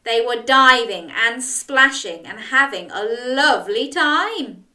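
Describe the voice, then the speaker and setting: Woman storyteller for children: animated, unhurried, bright; roomy distant recording. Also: on the high side. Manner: animated, gasping, invites children to join in.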